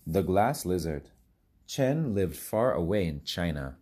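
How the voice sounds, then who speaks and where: A man reading short children's stories aloud in a slow, careful, even manner. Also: low voice, husky, no echo. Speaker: children's book reader. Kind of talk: storybook read-aloud.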